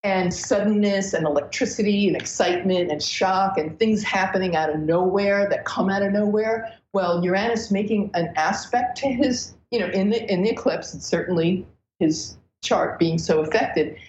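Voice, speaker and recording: A woman astrologer as a podcast guest, telling stories in an animated, breathless way with many restarts. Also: mid-range voice, moderate pace, a little hiss or hum. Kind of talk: casual podcast interview. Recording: roomy, dull lo-fi sound.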